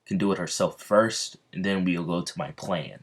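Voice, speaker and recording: A brash young male hero read by a man lays down the law to his friends. The voice is deep and low, delivered firmly without much character put on. Casual fan storytelling. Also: moderate pace, breathy edge.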